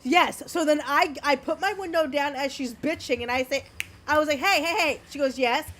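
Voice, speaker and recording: High-voiced brash woman telling a story. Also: brisk, a bit bright, slight background noise. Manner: brash storyteller, swears freely. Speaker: podcast co-host. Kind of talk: casual chat.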